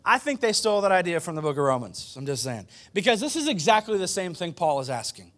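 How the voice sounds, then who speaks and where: A man with a high voice preaching to a congregation in a church. He drives points home with loud, emphatic lines, then drops to quiet, wry asides that keep the crowd with him. His delivery stays conversational even at full volume. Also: fast talker, hardly any pauses. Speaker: pastor. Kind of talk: sermon.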